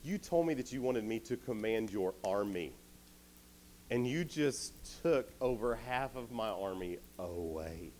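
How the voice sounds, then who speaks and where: A man's voice: on the low side, animated, measured pace, a little mellow, slight background noise. A man voicing an exasperated army commander who complains incredulously, in a retold story from a youth sermon. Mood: protesting. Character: exasperated male army commander, middle-aged.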